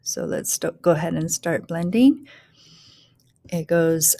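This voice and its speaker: A woman teaching a phonics lesson, blending words slowly sound by sound and often dropping to a breathy whisper on single sounds. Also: fairly low pitch, dark tone. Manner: slow, deliberate sound-by-sound blending.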